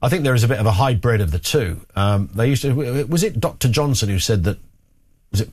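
Lively chatty radio host. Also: male voice, lowish voice, fast talker, breathy edge. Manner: chatty, jokey, lively storytelling. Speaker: radio talk show host. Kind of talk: phone-in radio chat.

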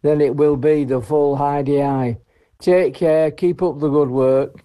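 A man's voice: a little high, fairly even intonation, unhurried, dark tone, clear, resonant tone. A man leaving a dry, jokey voice message for a radio show. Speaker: radio listener caller.

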